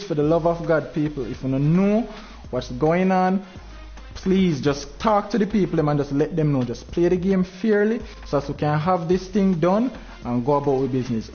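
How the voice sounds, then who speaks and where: A man's voice: a little high, muffled recording. A Jamaican man hosting a game tournament livestream, talking in heavy patois, frustrated and preaching at his viewers.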